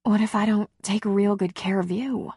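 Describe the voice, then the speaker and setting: A woman reading the part of a shy, nervous woman in an audiobook romance, soft-spoken and hesitant. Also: mid-range voice, fairly even intonation, moderate pace, breathy edge, no echo, clean studio sound, pitched above the performer's own voice, natural voice.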